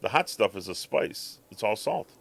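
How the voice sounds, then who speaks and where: A man's voice: fairly low pitch, very animated, moderate pace, creaky. A man co-hosting a podcast, telling a long, rambling story in casual chat and acting out his cat's thoughts. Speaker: podcast co-host.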